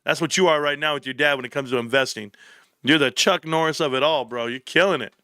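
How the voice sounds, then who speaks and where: A man's voice: fairly high pitch, fast, pushed and bright, no room sound, studio quality. A man hosting a live stream, reading viewer comments and joking around in loose, profane banter.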